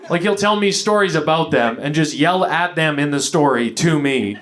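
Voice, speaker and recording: A man's voice: a little high, lively intonation, moderate pace, a bit bright. A young man from Canada doing a stand-up comedy set on stage, ranting profanely with lots of fillers. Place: comedy venue stage before a live audience.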